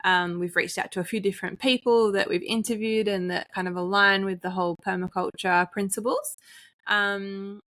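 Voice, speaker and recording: A woman co-hosting a podcast in casual chat, telling lively anecdotes and slipping into other people's voices. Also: medium pitch, normal speed. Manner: lively storyteller, acts out others in her anecdotes. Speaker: podcast co-host.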